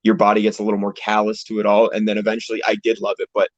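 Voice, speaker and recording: A man's voice: on the low side, completely flat delivery, racing, no room sound. A young man from Canada, a pro wrestler, chatting casually as an interview guest in a laid-back, rambling way with casual swearing, heard over a video call. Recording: dull lo-fi call audio, dry.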